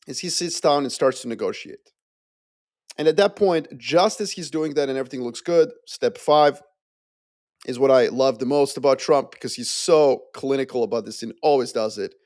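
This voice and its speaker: A man's voice: medium pitch, no echo. Guy on a podcast telling it like a story, playful, dry close mic sound. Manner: animated storytelling, playful asides. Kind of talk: casual geopolitical discussion.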